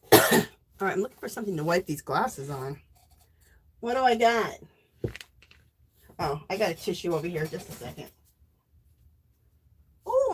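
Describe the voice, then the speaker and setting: A woman hosting a casual crafting live stream, warmly greeting viewers by name and reading their chat messages aloud. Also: medium pitch, breathy edge. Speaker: livestream host.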